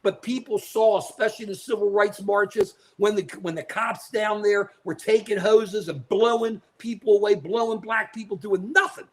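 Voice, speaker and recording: A man's voice: high voice, steady tone, normal speed, hardly any pauses, fairly bright tone, a little hiss or hum. An older man co-hosting a live political talk show, delivering outraged, emphatic commentary, repeating phrases and turning to his co-host by name.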